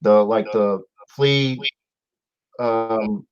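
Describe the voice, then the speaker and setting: A man hosting a casual live stream chat, telling a long story in a rambling, halting way and restarting as he goes. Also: on the low side, fairly even intonation, a little mellow, smooth. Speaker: host. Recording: dull lo-fi audio.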